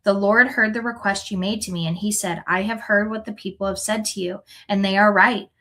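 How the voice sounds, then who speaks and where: A woman reading scripture aloud in an earnest, unhurried way, now and then correcting a word. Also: mid-range voice, fairly even intonation, sharp tone, poor audio. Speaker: scripture reader.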